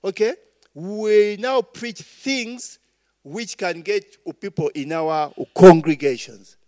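A man's voice: high voice, takes it slowly, dark tone. A middle-aged Ugandan man preaching a sermon, rambling with asides and tossing "eh?" and "okay?" to the congregation. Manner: rambling, call-and-response asides, frequent "eh?" and "okay?". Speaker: pastor.

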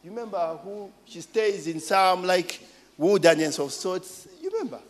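A Ugandan man in his forties preaching, telling personal stories with lively asides and questions to the congregation. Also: sits high, moderate pace. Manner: animated storytelling, call-and-response asides.

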